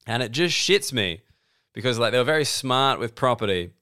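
A man's voice: medium pitch, animated, moderate pace, bright, forceful tone, clean tone. A man in his thirties with an Australian accent, rambling through a sardonic comedic monologue and acting out both sides of the conversations he describes. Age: 30s. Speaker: comedian and podcast host.

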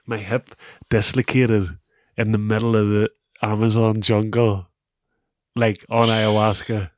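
A man's voice: on the low side, a little slow, no echo. Northern Irish man telling a wild story. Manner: animated storyteller, says "bro" and "wee", laughs often. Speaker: guest, former rugby player. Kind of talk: casual storytelling interview.

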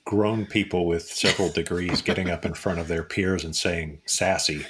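A man's voice: deep voice, fairly even intonation, normal speed, fairly bright tone, slight background noise. A man co-hosting a casual industry chat with dry, joking remarks and frequent restarts. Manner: dry, joking, self-interrupting. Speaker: podcast co-host.

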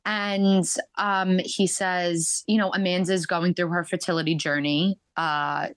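A woman guest on a podcast, telling stories in a chatty, animated way, full of "like" and "um". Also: fairly low pitch, measured pace, smooth, no echo. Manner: chatty, animated, many fillers like "like" and "um". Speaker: podcast guest, reality show contestant. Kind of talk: casual storytelling interview.

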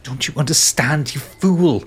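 A man's voice: fairly high pitch, moderate pace, fairly bright tone, breathy edge, voice pushed up. A man voicing a regal woman who pleads and scolds in a raised, imperious voice. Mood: urgent. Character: haughty regal woman on a mission, desperate.

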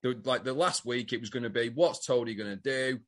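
A man's voice: medium pitch, a little fast, fairly bright tone. A man co-hosting a podcast, chatting casually about a soap with plenty of swearing and quoted lines from the characters. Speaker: podcast co-host. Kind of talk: casual chat recapping a soap.

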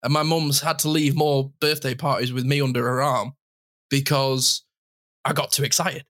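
A man's voice: medium pitch, steady tone, moderate pace, fairly bright tone. Tearful man hosting a podcast. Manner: emotional, heartfelt, close to tears. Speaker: podcast host. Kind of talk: casual podcast chat.

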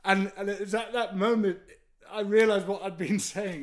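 A middle-aged man telling a story casually, full of ums and hesitations, acting out moments with animated energy. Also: high voice, a little fast, roomy sound. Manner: animated, hesitant with many ums, acts out his own panic. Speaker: podcast guest storyteller.

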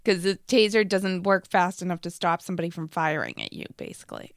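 A woman's voice: on the low side, fast talker, no echo, clean studio sound. A woman co-hosting a talk show, blunt and matter-of-fact. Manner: brief agreeing interjections, blunt. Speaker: co-host. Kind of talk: casual talk.

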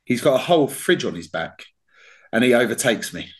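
A man's voice: medium pitch, brisk. A man hosting a podcast, telling a story in casual chat, swearing a lot and laughing as he goes. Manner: sweary, animated, laughs while telling stories. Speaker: podcast host.

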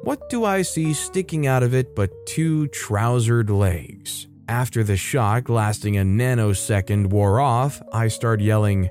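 A man's voice: medium pitch, a little slow, hardly any pauses, darkish tone, faint music behind. A man reading online workplace stories aloud as a narrator, adding wry conversational comments between them. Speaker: story narrator.

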